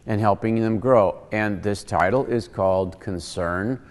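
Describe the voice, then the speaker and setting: A man's voice: lowish voice, a little slow, long reverb tail. A man hosting a casual Bible teaching show, joking and acting out quotes as he explains. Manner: animated, joking, acts out quotes.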